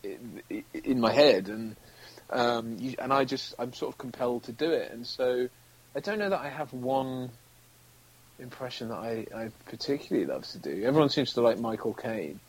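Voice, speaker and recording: Husky British actor, rambling chat. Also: male voice, mid-range voice, lively intonation, moderate pace, poor audio. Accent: British English. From United Kingdom. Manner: rambling, acts out quotes, laughs often. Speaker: actor, interview guest. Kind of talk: casual interview chat.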